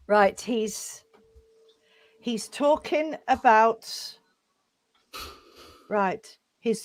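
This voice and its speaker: A woman medium giving messages during a service, her voice sitting a little high. She speaks haltingly with plenty of fillers and restarts. She calls her listeners sweetheart. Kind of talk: mediumship demonstration.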